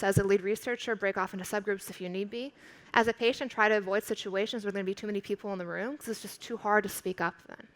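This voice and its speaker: A woman professor delivers a keynote from a conference stage, her mid-pitched voice carrying a gravelly edge of fry. She speaks in a clear, instructive and emphatic way. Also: fairly bright tone, poor audio.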